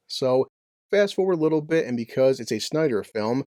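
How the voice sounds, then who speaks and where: A man's voice: mid-range voice, animated, moderate pace, dark tone, no room sound, clean studio sound. A man giving a casual, brash, joking movie review with some profanity.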